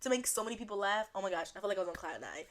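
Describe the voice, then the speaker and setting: Animated young woman ranting on a podcast. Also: mid-range voice, rapid-fire, slight background noise. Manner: animated, rambling, laughs often. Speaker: podcast host. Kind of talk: solo comedic podcast rant.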